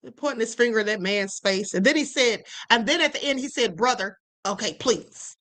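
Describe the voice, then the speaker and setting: A woman's voice: fairly high pitch, quick pace, a bit bright. A woman hosting a live stream, giving casual commentary in an emphatic way and calling her viewers "honey.". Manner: emphatic, keeps saying "okay" and "honey"; laughs and teases her viewers. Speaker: livestream host.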